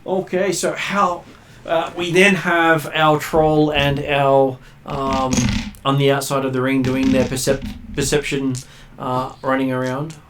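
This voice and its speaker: An easygoing man runs a tabletop game as game master, talking at an average pitch. He speaks in a relaxed, halting way, full of small fillers. There is a faint hiss behind his voice. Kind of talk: running a tabletop game over voice chat.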